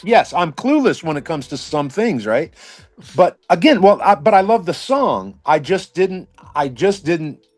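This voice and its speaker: A man's voice: fairly high pitch, very animated, unhurried, faint music behind. A middle-aged male musician chatting casually as a guest, rambling and peppering his talk with "man". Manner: rambling, frequent "man", restarts and laughs. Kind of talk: casual chat.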